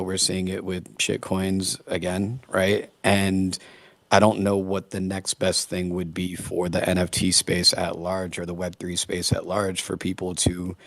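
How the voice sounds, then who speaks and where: A man's voice: sits low, a bit bright, no echo. A man chatting casually as a guest in an online audio room, rambling and laughing easily. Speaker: guest speaker. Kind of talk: casual chat. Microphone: online audio room mic.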